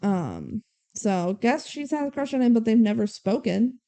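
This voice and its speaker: A young adult woman co-hosting a podcast, retelling a movie plot in animated casual chat with swearing and acted-out quotes. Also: fairly high pitch, moderate pace. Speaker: podcast co-host.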